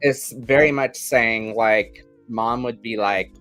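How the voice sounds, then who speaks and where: A man's voice: mid-range voice, slow pace, a bit bright, soft background music. A tipsy man giving a tarot reading in casual podcast chat, meandering and hedging.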